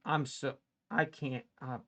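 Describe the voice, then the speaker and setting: A man livestreaming his futures trading, anxiously talking to his chat and pleading with the market, going from low muttering to sudden yells. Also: fairly even intonation, slow, vocal fry. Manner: talks to chat directly. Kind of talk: live trading stream commentary.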